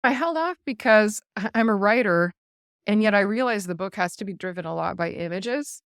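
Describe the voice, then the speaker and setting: A woman guest on an interview show, talking in an earnest, animated way and laughing now and then as she tells stories, heard over a video call. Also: medium pitch, moderate pace, smooth, no room sound, clean studio sound. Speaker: guest speaker. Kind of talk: casual interview chat.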